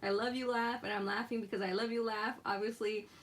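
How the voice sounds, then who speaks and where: A young woman hosts a live craft stream, chatting casually with a medium-pitched, steady voice at a brisk pace. She's giggly, laughing often as she reads viewer comments aloud.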